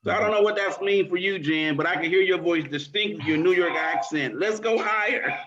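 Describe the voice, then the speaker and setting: Excited rambling man, lo-fi sound. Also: a little high, fairly quick, noisy background. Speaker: participant. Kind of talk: casual group chat. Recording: dull lo-fi sound.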